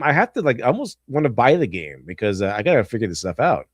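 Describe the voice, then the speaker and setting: A man's voice: mid-range voice, fast, few pauses, no echo, studio quality. Rambling, laughing male stream host. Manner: rambling, laughing, animated retelling. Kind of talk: casual commentary.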